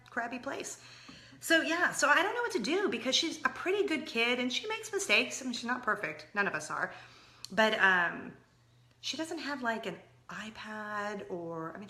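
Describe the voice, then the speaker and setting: A woman in her thirties chatting to camera as a parenting vlogger, expressive and moving between loud and hushed. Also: medium pitch. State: injured, in a leg cast. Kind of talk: casual chat to camera.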